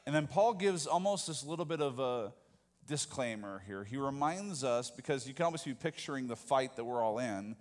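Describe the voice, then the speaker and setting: A man's voice: mid-range voice, lively intonation, moderate pace. A man preaching a sermon as pastor, talking conversationally and often asking the congregation questions. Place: church sanctuary. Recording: long hall reverb.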